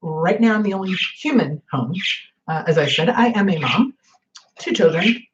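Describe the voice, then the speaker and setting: Forties woman vlogger, casual rambling chat, low-ish voice, muffled recording. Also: animated, normal speed, background noise. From northern United States. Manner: chatty, rambling, many fillers.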